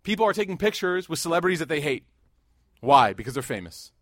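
A man in his thirties giving a sermon, mixing laughing stories with hushed, earnest reflection. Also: on the high side, fast talker, dry recording, studio quality. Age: 30s. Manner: animated, jokes and rises loud in anecdotes, hushed and earnest in devotion. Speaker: Muslim preacher. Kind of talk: sermon with storytelling.

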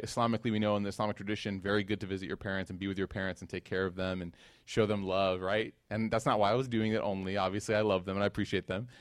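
A man's voice: lowish voice, no room sound, clean studio sound. A man preaching a conversational sermon to a live audience. He tells stories with energy, quizzes the listeners and adds joking asides. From United States. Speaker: Islamic preacher.

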